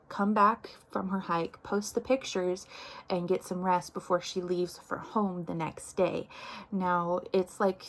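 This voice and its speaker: A woman giving a casual book recap, chatty and full of asides, acting out the characters as she goes. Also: mid-range voice. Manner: chatty, many likes and quoted asides, acts out characters. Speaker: book reviewer.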